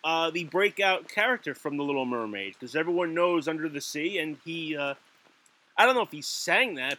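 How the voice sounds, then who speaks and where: Male podcast co-host, giggly and rambling, bright forceful voice, slightly high. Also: animated, moderate pace. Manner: giggly, rambling with fillers and restarts. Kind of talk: casual chat.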